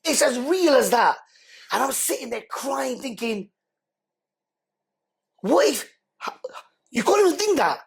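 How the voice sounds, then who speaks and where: A man, a podcast guest telling personal stories in an animated way and acting out what other people said. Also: very high-pitched, a little slow, vocal fry, long pauses, slightly rough. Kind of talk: emotional storytelling in conversation.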